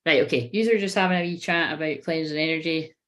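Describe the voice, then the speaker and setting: A woman's voice: sits low, quick pace, fairly bright tone. A woman running a casual live tarot reading. She talks in a rambling, sweary way and often breaks into giggles. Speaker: tarot reader.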